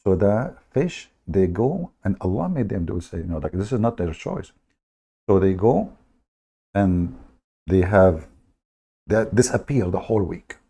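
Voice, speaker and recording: A man with a low, dark, gravelly voice hosts a livestream. He retells a story with a sarcastic, mocking edge in broken English. His speech is loose and conversational. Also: very animated, a little slow, pauses often. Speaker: host of a livestream. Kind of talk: livestream commentary.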